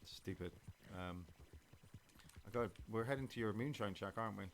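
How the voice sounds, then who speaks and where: A man's voice: lowish voice, normal speed, slight background noise. A man hosting a gameplay stream, talking casually and rambling, with many fillers and restarts. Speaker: streamer and podcast host.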